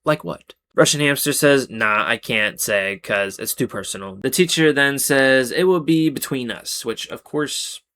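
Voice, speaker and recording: A man's voice: medium pitch, unhurried, few pauses, a bit bright. Sarcastic man narrating Reddit posts. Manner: sarcastic, exasperated asides. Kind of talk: reading posts with casual commentary.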